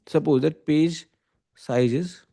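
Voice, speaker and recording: A man's voice: on the high side, takes it slowly, creaky, warm tone. A man with an Indian English accent teaching an online lecture, explaining step by step and often checking with "okay?" and "right?". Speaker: computer science teacher.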